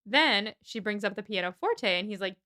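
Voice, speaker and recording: Podcast co-host, young woman, forceful clear tone, animated recap acting out the scenes. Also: medium pitch. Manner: animated retelling, acting out characters in quick voices. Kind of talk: casual book-club chat.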